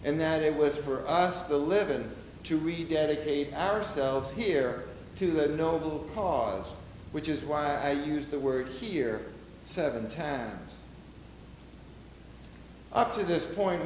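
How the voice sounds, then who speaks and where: A man portrays a solemn, middle-aged nineteenth-century American president who speaks in a measured, oratorical way. His voice sits a little high and moves at an unhurried pace. The recording is roomy, with a faint ambience behind him. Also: a little hiss or hum. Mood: reflective. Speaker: historical reenactor. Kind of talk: first-person historical portrayal.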